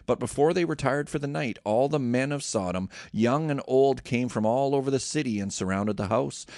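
A man reading scripture aloud in a steady, measured way. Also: medium pitch, dry recording, studio quality. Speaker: scripture reader.

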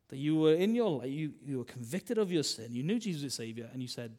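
A man, a minister preaching a sermon in a chatty style, full of tag questions and swings between loud and soft. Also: medium pitch, animated, brisk, few pauses.

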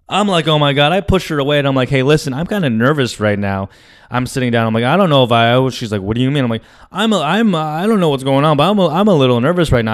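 A young adult man hosting a podcast, telling a candid story, animated, swearing often and acting out the lines of the people in it. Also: mid-range voice. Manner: animated, swears often, acts out his own and others' lines. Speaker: podcast host.

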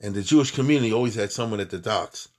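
A man teaching Jewish history in a lively, emphatic classroom talk, full of asides and restarts. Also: lowish voice, racing. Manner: animated, emphatic, conversational with many asides and restarts.

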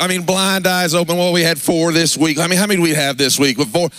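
This pastor's high voice comes out pushed and bright as he delivers a fervent revival sermon, moving at a quick pace with hardly any pauses. He trades call-and-response asides with the congregation in the church sanctuary.

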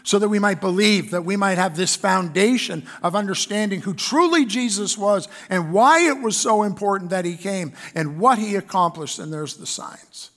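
A pastor with a Canadian accent preaching a sermon in an earnest way, reading scripture aloud with fillers. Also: male voice, high-pitched, moderate pace, hardly any pauses, a bit bright.

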